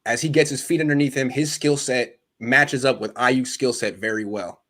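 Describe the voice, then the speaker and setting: A man hosting a sports talk show, excitable and quick with banter as he takes calls. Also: medium pitch. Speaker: host.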